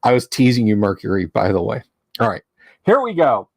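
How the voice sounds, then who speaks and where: A man hosting a casual livestream from a home studio, rambling and teasing his chat, halting with fillers. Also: fairly low pitch, very animated, creaky, dry recording. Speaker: livestream host.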